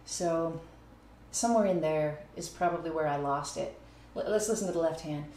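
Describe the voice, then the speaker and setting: Chatty woman teaching, lowish voice. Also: normal speed, dark tone. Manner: counts beats and scats phrases aloud. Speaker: music teacher. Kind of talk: casual video lesson. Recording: echoey room with faint noise.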